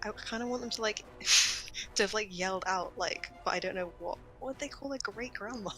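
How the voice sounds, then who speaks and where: A woman's voice: medium pitch, normal speed, bright, forceful tone, soft background music, rough recording. A woman playing a tabletop game, chatting playfully and giggling between remarks. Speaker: player. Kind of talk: casual tabletop game chat.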